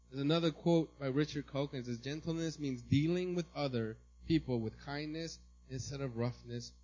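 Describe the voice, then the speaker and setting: A male pastor preaches in a loose, conversational way, often checking in with "right?" and sometimes breaking into a loud outburst of mimicry. His voice sits in a middle pitch. The recording sounds dull and lo-fi. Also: slight background noise. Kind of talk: sermon.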